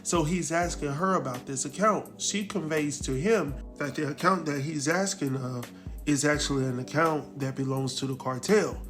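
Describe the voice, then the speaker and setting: A man with a fairly high voice hosts a casual recap of a TV episode. He tells the story in a lively, slangy way, acting out what each character says. Faint music plays underneath. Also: moderate pace. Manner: animated storytelling, acts out characters' lines; slangy, laughs at his own jokes. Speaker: recap show host.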